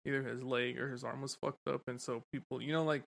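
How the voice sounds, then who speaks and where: A man with a gravelly, slightly bright, medium-pitched voice talks quickly with fairly even intonation. Co-hosting a casual podcast, he tells rambling, loose stories, swears freely and laughs easily.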